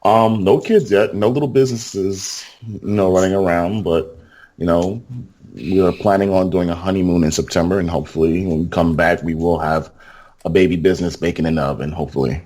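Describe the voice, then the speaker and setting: A man's voice: low voice, brisk. A man telling stories as a returning guest on a casual podcast, laughing often as he talks. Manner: animated storyteller, laughs often.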